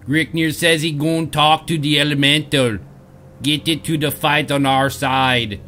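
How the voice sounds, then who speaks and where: A man voicing a solemn male troll soothsayer in a put-on Jamaican-style accent, slow and booming. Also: fairly even intonation, bright, forceful tone, a little hiss or hum. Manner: slow, booming, hammy delivery.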